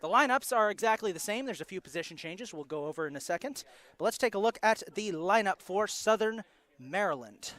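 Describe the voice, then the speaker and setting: A man calling a live college softball broadcast as play-by-play announcer, reading out the lineups in a steady announcer delivery and quickly correcting his own slips. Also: sits high.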